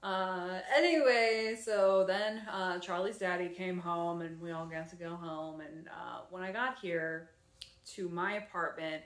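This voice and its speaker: A woman vlogger casually retelling her day at home, rambling and animated with lots of fillers. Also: on the low side. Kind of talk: casual storytelling vlog. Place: her apartment. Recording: echoey room.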